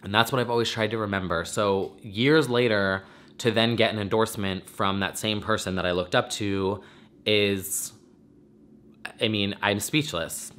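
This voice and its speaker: Close to tears, a vlogger and podcast host rambles effusively through an emotional, casual monologue on his vlog. He speaks at a normal pace in a lowish, fairly bright voice.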